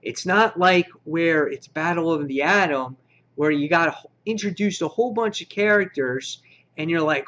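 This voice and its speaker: Guy doing a comic review, hyped and slangy, kinda high voice, muffled lo-fi sound. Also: normal speed. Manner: excitable and slangy, acts out his own gasps. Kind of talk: casual spoken review. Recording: dull lo-fi recording.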